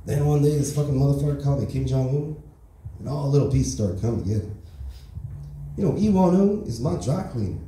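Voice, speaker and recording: A man's voice: medium pitch, lively intonation, a little fast, dark tone, a little hiss or hum. A man with a Texan accent doing a crude, brash, swaggering stand-up set. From Texas. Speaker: stand-up comedian. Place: comedy club stage. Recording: echoey room from far off.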